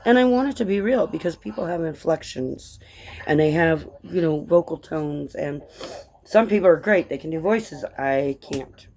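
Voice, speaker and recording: A woman who grew up in Colorado, talking casually in a rambling vlog chat that drifts between tangents and gentle encouragement. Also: deep voice, expressive, normal speed. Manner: chatty, tangent-prone, encouraging. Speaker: vlogger and author.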